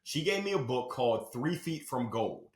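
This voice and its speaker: A man who is a motivational speaker, talking as a podcast guest in an animated, storytelling way with sudden loud bursts. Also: medium pitch, normal speed. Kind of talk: energetic interview talk. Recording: roomy echo.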